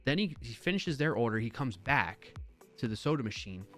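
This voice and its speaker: A man hosting a live stream, telling a story in a casual, rambling way with lots of fillers and self-corrections, sounding baffled and animated. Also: mid-range voice, moderate pace, faint music behind. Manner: incredulous, animated retelling.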